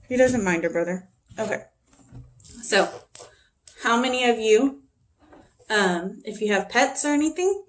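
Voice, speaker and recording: A woman teacher chatting casually to her students in a video made at home, often turning aside to talk to her dogs. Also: medium pitch. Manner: chatty, talks to her dogs between remarks.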